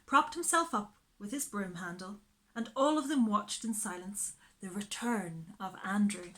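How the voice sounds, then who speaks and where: A woman reading a children's storybook aloud in a slow, expressive way. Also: medium pitch.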